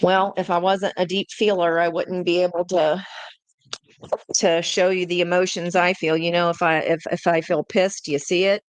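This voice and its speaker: A woman's voice: fairly low pitch, flat delivery, moderate pace, no room sound. A woman hosting a live tarot reading, chatting directly with her viewers. She often breaks off mid-thought and restarts with fillers. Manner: chatty, talks straight to viewers; self-interrupting, many fillers and restarts. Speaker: tarot reader.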